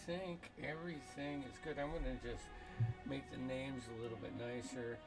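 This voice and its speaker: A man's voice: medium pitch, steady tone, moderate pace, music in the background. A man hosting a tabletop game stream, chatting casually and joking loosely before play starts. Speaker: stream host and player. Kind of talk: casual chat.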